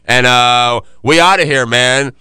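A man hosts a casual podcast, his voice bright and forward. He talks loosely, full of slang and fillers, in a crisp, smooth tone. The sound is dry and close to the mic. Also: mid-range voice, a little slow, no room sound. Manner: laid-back, loose slangy delivery with many fillers. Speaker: podcast host.

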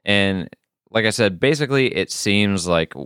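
A man's voice: on the low side, expressive, unhurried, fairly bright tone, clear, resonant tone, dry recording, studio quality. A man co-hosting a podcast, recapping a show in a rambling, profane way with many fillers. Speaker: podcast co-host. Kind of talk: casual recap chat.

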